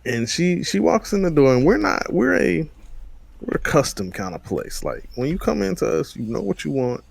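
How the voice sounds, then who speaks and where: A man's voice: fairly high pitch, very animated, moderate pace, vocal fry, dry recording. A man co-hosting a podcast, telling a story in a laid-back, slangy way with laughs. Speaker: podcast co-host. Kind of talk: casual storytelling chat.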